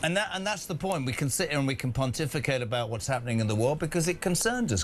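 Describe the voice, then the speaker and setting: A man hosting an opinionated breakfast talk show, speaking emphatically and indignantly with big swings in pitch. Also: expressive, fast talker, few pauses, a little hiss or hum. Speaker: radio talk show host.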